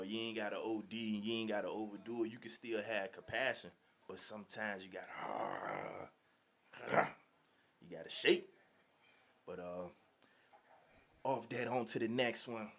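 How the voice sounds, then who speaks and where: A man from Virginia telling a story to his viewers in a slangy, animated, laughing way. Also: on the low side. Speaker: vlogger. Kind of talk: casual storytelling.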